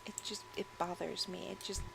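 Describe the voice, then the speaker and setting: A woman's voice: on the low side, flat delivery, fairly quick, vocal fry, noisy background. A woman gaming creator casually ranting and laughing over gameplay, rambling and swearing freely.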